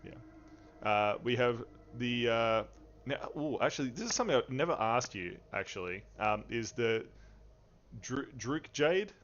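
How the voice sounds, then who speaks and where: A man hosts a livestreamed tabletop game as game master, playful and rambling as he welcomes the players and the chat. His mid-range voice is animated and a bit bright at a normal speed. The stream audio is dull and lo-fi with slight background noise.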